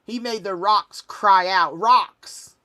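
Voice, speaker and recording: A woman's voice: on the low side, steady tone, normal speed, fairly bright tone. A woman hosting a spiritual reading livestream, talking casually in an emphatic, rambling, preachy way. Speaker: spiritual reader and livestream host.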